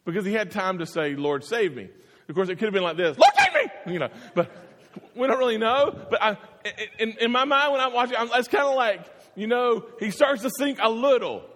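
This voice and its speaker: A man preaching a sermon, telling the story in an animated way and acting out the voices. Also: high-pitched, a little fast. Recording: long hall reverb.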